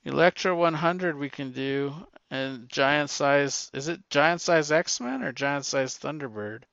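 A man's voice: on the high side, slow, vocal fry, fairly bright tone, no echo, lo-fi sound. A man co-hosting a casual podcast chat, talking animatedly and often exclaiming. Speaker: podcast co-host.

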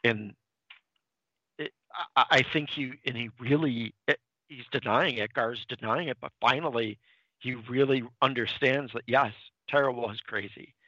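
A man's voice: mid-range voice, unhurried, dry recording, lo-fi sound. A man casually recapping a comic book plot on a podcast, rambling with restarts and acting out lines. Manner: animated, dips into quoted character lines. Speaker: podcast co-host.

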